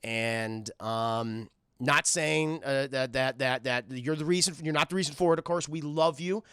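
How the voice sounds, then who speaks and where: A man's voice: medium pitch, a little slow, a bit bright, clean tone, dry recording, clean studio sound, lightly acted. A man voicing a worn-out cartoon mother who works double shifts at a hospital. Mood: gentle. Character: tired cartoon mom, nurse on double shifts.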